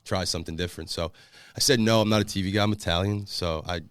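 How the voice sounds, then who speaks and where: A man's voice: deep voice, fairly even intonation, fairly bright tone, clear, resonant tone, no room sound. A young man from Massachusetts, a podcast guest, telling long anecdotes in casual chat and acting out what people said. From Massachusetts, USA. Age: young adult. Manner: rapid, run-on anecdotes with acted-out quotes. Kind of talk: casual storytelling.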